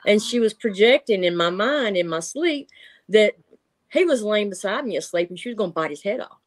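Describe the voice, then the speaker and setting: Middle-aged woman, lively storyteller who acts out the voices, mid-range pitch. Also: fairly quick. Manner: animated, laughs often, acts out voices. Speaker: guest telling encounter stories. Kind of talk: casual storytelling chat.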